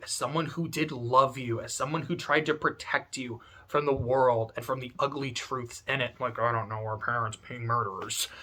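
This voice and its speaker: A man's voice: a little high, a bit bright. A man talking through a story in casual, rambling commentary, full of fillers and swearing, at home. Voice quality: chatty, swears, many "like" fillers. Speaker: video essay host. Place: home room.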